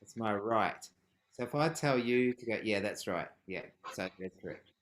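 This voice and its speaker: Man, fairly low voice, music teacher, online call, playful, chants rhythms, loud calls and whispers. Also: lively intonation, normal speed. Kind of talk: live online rhythm workshop. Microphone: video call.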